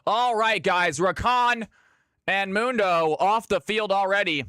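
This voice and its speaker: Hosting a live stream from Georgia in the US, this man commentates custom games with hyped announcer energy. His voice sits high and moves slowly, sharp yet clear and resonant, captured in studio quality with no echo.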